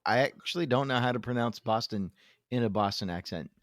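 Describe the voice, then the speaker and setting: A man's voice: medium pitch, fairly quick, no room sound. A man co-hosting a podcast, chatting casually with dry, joking asides. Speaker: podcast co-host. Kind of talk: casual chat.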